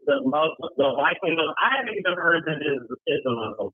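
A sarcastic man riffing in casual podcast chat, his voice a touch high and swinging widely in pitch. The sound is thin and phone-like, with a dry, close feel. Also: lively intonation, normal speed, slightly rough, dry recording. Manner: sarcastic, mocking, rambling asides. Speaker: podcast co-host. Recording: dry, tinny phone-like line.

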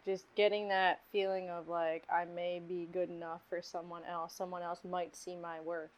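A woman guest in a casual podcast chat, frank and quick to agree, often chiming in with short remarks. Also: on the low side, little pitch movement. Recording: muffled lo-fi audio.

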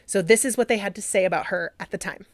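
A woman co-hosting a podcast in casual chat, chatty and quick to laugh. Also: mid-range voice, no echo. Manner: chatty, trails off, laughs a lot. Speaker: podcast co-host.

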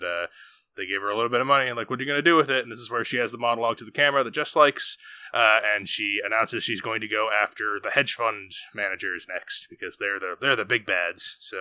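Bright-voiced man recapping a movie. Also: lowish voice, dry recording. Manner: rambling, restarts, animated recaps. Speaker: podcast host. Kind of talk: casual movie review chat.

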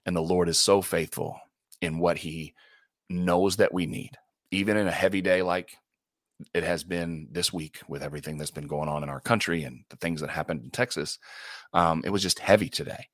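A man who hosts a radio morning show, a guest in an interview, telling faith stories in an earnest, animated way, often restarting and laughing. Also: deep voice, moderate pace, creaky, dry recording, studio quality. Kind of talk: faith-centered interview storytelling.

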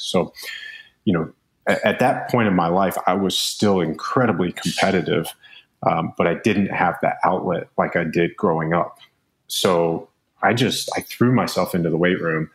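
A man in his thirties with a very low voice talks through his story as an interview guest. He is measured and explanatory and leans on fillers as he goes. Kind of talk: conversational interview.

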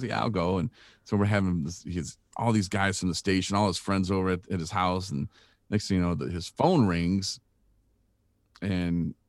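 A man who used to work in radio, telling an animated anecdote and acting out the quoted people with big vocal jumps. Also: no room sound, studio quality. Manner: acts out the quotes with big jumps in pitch, laughing. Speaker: podcast guest and former radio colleague.

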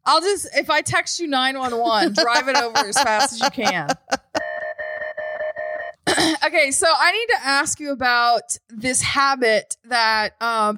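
A woman in her forties co-hosting a podcast over a video call, chatting casually and reacting with animated exclamations and laughter. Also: high-pitched, no echo. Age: 40s. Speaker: podcast co-host. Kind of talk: casual chat. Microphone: remote call.

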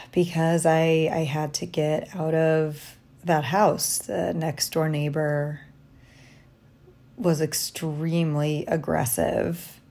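Low, slow-talking woman, reflective and tired. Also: flat delivery, creaky. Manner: reflective, halting, soft-spoken. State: tired and sleep-deprived. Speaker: vlogger. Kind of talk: personal diary vlog. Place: hotel room.

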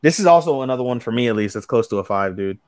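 A man's voice: mid-range voice, lively intonation, very fast, a little mellow, no echo, studio quality. A man co-hosting an anime podcast, recapping episodes in loose, profane casual chat full of fillers. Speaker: podcast co-host.

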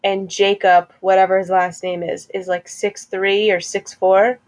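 A woman's voice: medium pitch, little pitch movement. Chatty young woman co-hosting. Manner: chatty, rambling, quick bursts of laughter. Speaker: co-host. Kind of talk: casual chat.

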